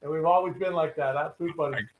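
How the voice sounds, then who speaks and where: A man's voice: a little high, fast, reverberant, phone-quality sound. A man, a regular guest on a live fishing show, telling rambling anecdotes full of quoted dialogue. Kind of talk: casual storytelling chat.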